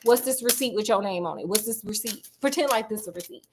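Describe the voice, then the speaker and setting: A woman's voice: fairly high pitch, fast talker, noisy background, lightly acted. A woman voicing a persistent male detective who presses with repeated questions in casual slang. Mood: prodding.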